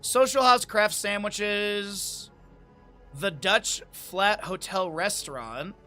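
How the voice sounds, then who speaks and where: A man's voice: sits high, slow pace, bright, forceful tone, faint music behind. A man streaming, chatting casually with his chat, laughing often and reading aloud from a menu. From Lake Tahoe area, United States.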